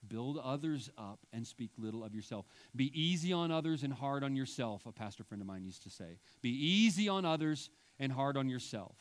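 A man's voice: mid-range voice, animated, normal speed, few pauses. A male pastor preaching a sermon with emphatic delivery and wry asides.

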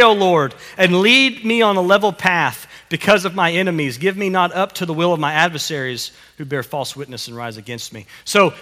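A man preaching with a bright, slightly high voice that swings widely in pitch. He coaches and encourages as he goes, repeating his phrases. His voice rings out in a church hall with a long reverb. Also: lively intonation, normal speed. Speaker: pastor. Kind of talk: sermon with children acting out a psalm.

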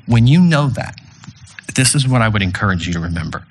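A man preaching to his congregation, his voice low and a little husky. He speaks earnestly and doubles back on his words with restarts as he leads communion and prayer in a church room. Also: very animated, brisk. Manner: earnest, repeating phrases with stumbling restarts. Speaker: pastor. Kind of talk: sermon leading communion and prayer.

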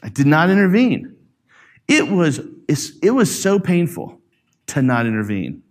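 A middle-aged father tells a personal story to a church audience. His pitch moves a great deal, and he slips into the voices of the people he quotes. The talk is loose and conversational. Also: unhurried. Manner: animated, acts out quoted voices. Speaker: parent speaking to a church audience.

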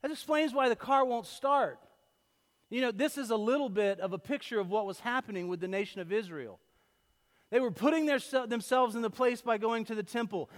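Male pastor, sermon delivery, higher voice, lively and then hushed, big reverberant sanctuary. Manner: lively storytelling, swings from loud to hushed. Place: church sanctuary. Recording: long hall reverb.

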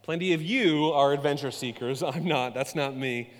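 A man preaching a sermon, telling stories with animated, self-mocking humor. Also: a little high, moderate pace, long reverb tail. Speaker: pastor.

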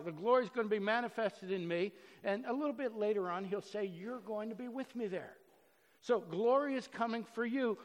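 Pastor, male, high voice, earnest sermon delivery with loud and hushed stretches, church hall reverb. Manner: earnest, swings from loud emphasis to soft and low.

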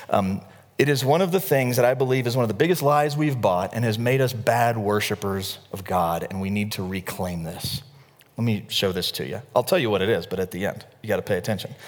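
A male pastor preaching with an easy, conversational delivery and slipping into characters to tell his stories. His voice sits at a middle pitch and carries a long reverb, as if from a church sanctuary. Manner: conversational, animated storytelling with acted asides. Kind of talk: sermon.

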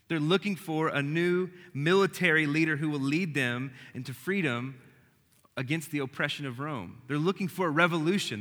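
A man preaching a sermon as pastor, swinging between emphatic, rising lines and hushed, quiet ones. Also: fairly high pitch, in a large hall.

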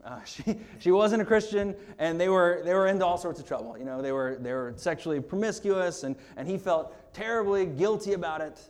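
A male pastor giving a sermon in a conversational way, with humorous asides and laughs, growing quiet and earnest on serious points. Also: high-pitched, brisk, few pauses.

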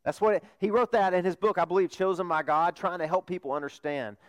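A male pastor preaching a sermon, putting questions to the congregation and dropping to a hush for emphasis. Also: high-pitched, fairly even intonation, quick pace.

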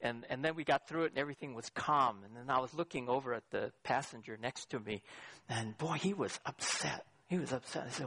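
A man's voice: mid-range voice, fairly quick, creaky, husky, no echo. A middle-aged man preaching a sermon as pastor, asking the audience questions and swinging his voice up for emphasis. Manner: lively, questioning the audience directly.

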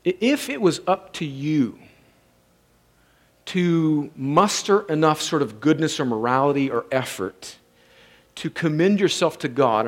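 A pastor with a mid-range voice preaches an intense sermon, starting in a conversational tone and building into impassioned, shouted pleading.

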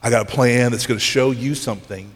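A preacher voicing a hushed, tender God. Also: male voice, mid-range voice, fast talker, in a large hall, pitched below the performer's own voice, lightly acted. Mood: confiding. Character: God, a loving, resolute divine father.

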